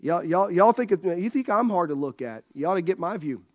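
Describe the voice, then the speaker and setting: A man's voice: high-pitched, expressive, a little fast, darkish tone. A middle-aged man preaching a sermon as pastor, folksy and joking with his congregation. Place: church sanctuary.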